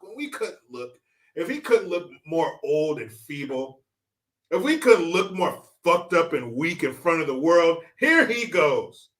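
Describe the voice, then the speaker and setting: A man's voice: a little high, sing-song, measured pace, a bit bright. A man hosting a livestream with political commentary, mocking and swearing as he talks. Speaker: livestream host.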